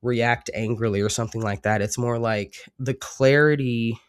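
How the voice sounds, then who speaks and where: A man's voice: mid-range voice, fairly even intonation, moderate pace, smooth. A man with a congested cold voice, giving a casual, rambling tarot reading with many fillers. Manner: rambling, reflective, with frequent fillers. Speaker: tarot reader.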